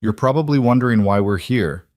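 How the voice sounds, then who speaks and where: Narrator voicing a controlled Russian gangster, calm menace, deep and dry. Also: male voice, a little fast, no room sound, close to an everyday voice. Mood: menacing. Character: cold, calm male Russian mob boss.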